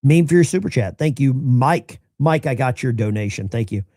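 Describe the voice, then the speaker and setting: A middle-aged man hosting a call-in show, chatting in an animated, rambling way. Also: medium pitch, normal speed, background noise. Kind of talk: casual livestream talk.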